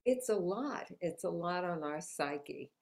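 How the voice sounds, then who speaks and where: A woman's voice: lowish voice, lively intonation, slow pace. A woman guest in an interview, talking in an upbeat, motivational way and laughing often. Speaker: guest, author. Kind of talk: conversational interview. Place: New York City.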